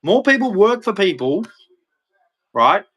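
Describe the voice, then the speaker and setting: A man's voice: high-pitched, big pitch swings, measured pace, a bit bright, breathy edge. An Australian man in his thirties ranting bluntly and heatedly in a casual monologue, swearing freely. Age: 30s. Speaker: vlogger.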